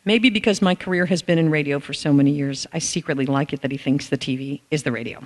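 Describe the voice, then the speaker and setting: A woman's voice: low voice, quick pace. A middle-aged woman, an author, telling personal stories to an audience in a candid, conversational way. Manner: conversational, candid, acts out dialogue with "I'm like". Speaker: author and speaker. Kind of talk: personal storytelling talk. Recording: long hall reverb.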